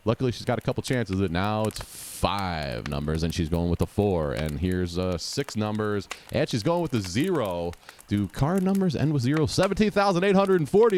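A man's voice: lowish voice, darkish tone, slight background noise. A man giving sarcastic, mocking play-by-play of a game show rerun, talking back at the screen. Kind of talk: casual sarcastic play-by-play commentary.

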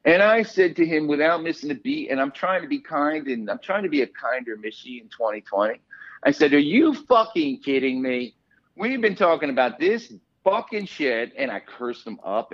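A man talking casually on a podcast, spinning animated stories and swearing freely. His voice sits in a middle register. The recording has a slightly dull, muffled sound. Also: mid-range voice, moderate pace. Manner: animated, profane storyteller. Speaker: podcast guest.

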